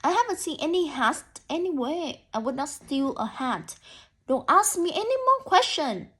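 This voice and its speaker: A woman voicing a nervous, defensive male rabbit who protests too loudly in a picture-book read-aloud. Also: sing-song. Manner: shrill rapid protesting. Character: jittery defensive male rabbit, shrill and loud.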